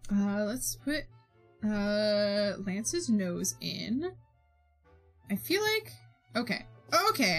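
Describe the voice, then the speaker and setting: A woman's voice: medium pitch, a bit bright. Bubbly, giggly woman chatting with viewers. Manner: giggly, reads chat aloud, bubbly. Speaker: streamer. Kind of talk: casual chat while drawing.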